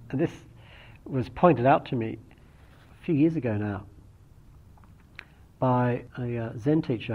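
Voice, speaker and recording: A middle-aged man giving a reflective, unhurried dharma talk as a meditation teacher, often restarting his phrases. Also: medium pitch, breathy edge. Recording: dull lo-fi recording.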